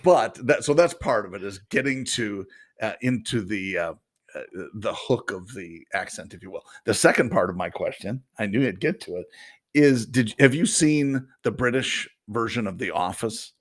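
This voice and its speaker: Lively, laughing male podcast co-host. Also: lowish voice, normal speed. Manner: rambling, laughs often, teasing. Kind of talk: casual podcast chat.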